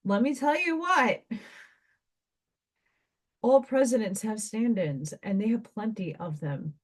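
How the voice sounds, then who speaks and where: A woman's voice: fairly high pitch, expressive, slow. Woman musing in a rambling spiritual monologue. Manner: meandering, conversational, thinking aloud with asides. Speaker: spiritual oracle card reader.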